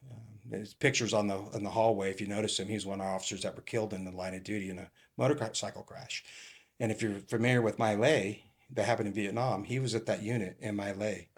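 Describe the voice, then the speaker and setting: Middle-aged ex-cop guest, lowish voice, halting rambling anecdotes with lots of fillers. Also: male voice, husky. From California. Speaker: retired police captain, podcast guest. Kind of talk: casual interview storytelling.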